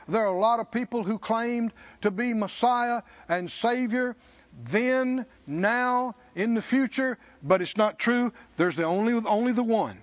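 A male preacher delivering a sermon, leading the congregation in call-and-response with slow, emphatic lines. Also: very high-pitched, expressive, muffled recording.

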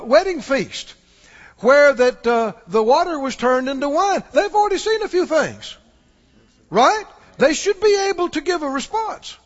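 A man's voice: very high voice, a bit bright. A man preaching a sermon in a folksy way, acting out the voices of the people he quotes. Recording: muffled recording in a reverberant hall.

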